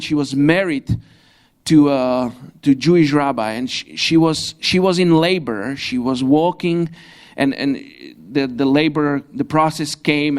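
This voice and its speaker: Male preacher, halting delivery. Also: a little high, smooth. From Slovakia. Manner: halting, frequent restarts, non-native grammar, light laughs. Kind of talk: sermon. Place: church hall.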